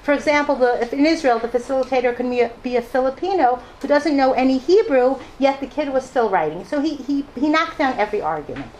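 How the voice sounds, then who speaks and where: A woman's voice: high voice, fast, few pauses, a little hiss or hum. A middle-aged woman telling a personal story to an audience, acting out the voices of the people she quotes. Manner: animated, acts out quoted voices. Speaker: speaker addressing an audience.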